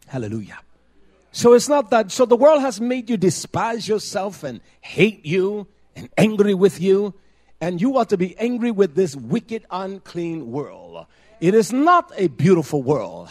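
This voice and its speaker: An older man preaching a sermon, moving from quiet storytelling to loud, emphatic preaching with heavy repetition. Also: high voice.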